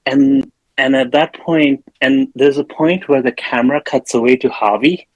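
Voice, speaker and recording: A man hosting a casual film-review podcast, loosely rambling through the plot with plenty of fillers. His voice sits at an ordinary middle pitch. The sound is close and dry, with no room around it. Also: fairly even intonation, normal speed, no room sound, lo-fi sound. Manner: retells scenes with acted-out quotes. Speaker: podcast host.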